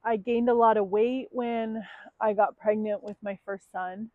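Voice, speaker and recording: A woman's voice: mid-range voice, steady tone, unhurried, dry recording. A woman in her thirties opens up in a personal confessional vlog, talking candidly and emotionally with plenty of ums and likes. Her voice comes through thin and tinny, like a phone line. The sound is dry, with no room around it. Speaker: vlogger.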